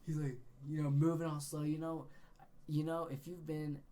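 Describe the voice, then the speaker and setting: A young man co-hosting a podcast, telling a story in a casual, animated way and swearing freely. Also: a little high, moderate pace. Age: young adult. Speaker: podcast co-host.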